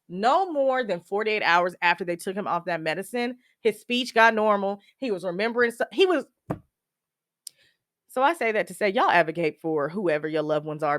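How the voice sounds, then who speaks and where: Animated woman telling a personal story. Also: mid-range voice, dry recording, studio quality. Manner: animated, slangy, acts out quoted dialogue. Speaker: podcast host.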